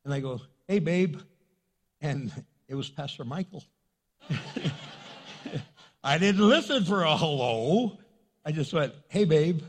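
A male pastor preaching a sermon in a church, animated and joking, repeating his points for emphasis. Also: fairly high pitch, takes it slowly, pauses often, breathy edge.

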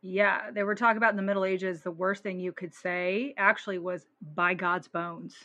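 A woman co-hosting a chatty podcast, her voice bright and forward. She talks bluntly, swears freely and breaks into laughter often. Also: mid-range voice, flat delivery, a little fast, dull audio. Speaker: podcast co-host. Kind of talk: casual chat.

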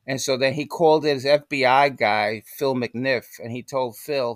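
A man's voice: medium pitch, measured pace, hardly any pauses, dry recording, clean studio sound. An older man, a guest in an interview, telling stories animatedly and acting out the voices he quotes. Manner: animated storyteller who acts out quoted voices. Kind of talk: storytelling in a podcast interview.

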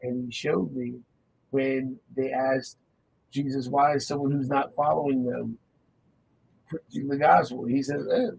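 Gravelly-voiced man hosting faith radio. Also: medium pitch, unhurried, a little hiss or hum, low-quality recording. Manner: animated storytelling, acts out quoted dialogue. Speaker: radio show host.

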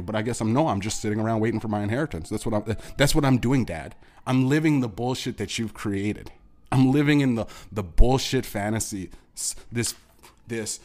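A Canadian man with a lowish, darkish voice hosts his own podcast and talks fairly quickly. In an angry solo rant aimed at his absent father, he swears heavily, repeats himself and keeps restarting sentences.

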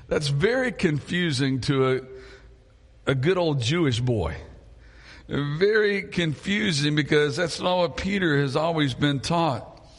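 A man preaching a sermon as a pastor, telling the story in an animated way and chuckling often. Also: a little high. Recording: long hall reverb.

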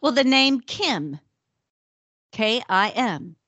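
A middle-aged woman co-hosting a podcast, telling stories in an animated way and laughing often. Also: fairly high pitch, slow, no echo, dull audio. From the American North. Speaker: podcast co-host. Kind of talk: casual chat.

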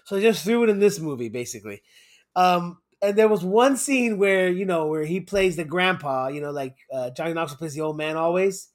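A man's voice: on the high side, expressive, brisk. A man co-hosting a casual podcast chat, telling stories animatedly, laughing often and swearing casually.

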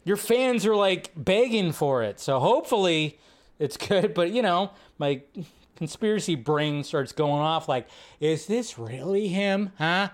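A man's voice: on the high side, expressive, unhurried. A man hosting a live movie news stream, joking, reacting to chat and riffing casually.

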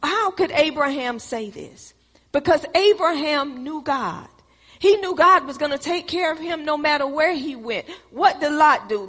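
A woman's voice: high voice, fairly bright tone. A woman preaching a sermon, emphatic and repetitive, calling out to her congregation. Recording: reverberant hall.

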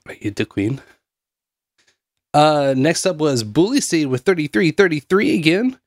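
A man's voice: fairly high pitch, lively intonation, a little slow, no echo. A man co-hosting a casual livestream chat, reading out donations and joking along.

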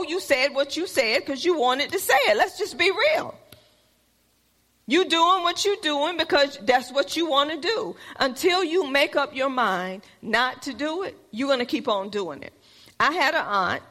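High-voiced woman preaching in a hall. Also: pushed and bright. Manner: earnest, plain-spoken conversational preaching. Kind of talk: sermon.

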